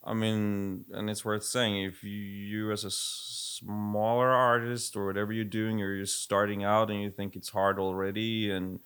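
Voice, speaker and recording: A man's voice: lowish voice, flat delivery, normal speed, few pauses, a bit bright, clean tone. A middle-aged man with a Swedish accent, co-hosting a casual chat and talking reflectively and candidly, often restarting his thoughts. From Sweden. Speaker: podcast co-host, music producer.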